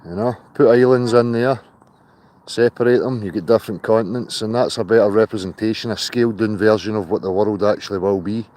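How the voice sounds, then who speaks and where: A man's voice: lowish voice, steady tone, a little fast, darkish tone. A man hosting a casual livestream outdoors, chatty and loose, swearing now and then. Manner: chatty, greets viewers by name, swears in asides. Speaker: livestream host.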